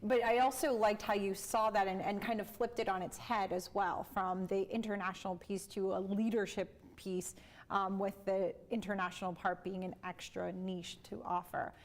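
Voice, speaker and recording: A woman's voice: mid-range voice, level tone, normal speed. Woman interviewer, encouraging, conversational, often voices agreement. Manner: warm affirming listener, many small agreements.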